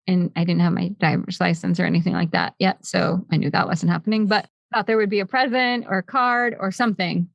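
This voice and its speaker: A woman hosting a podcast, telling stories in an animated, chatty way with many filler "like"s. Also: medium pitch, no room sound, highs cut off. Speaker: podcast host. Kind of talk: casual chat.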